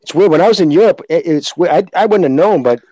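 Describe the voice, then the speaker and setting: A man's voice: a little high, fast, dark tone, poor audio. A man from Boston with a Boston accent, chatting eagerly on a podcast, calling others brother and dude. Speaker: podcast co-host. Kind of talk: casual podcast chat.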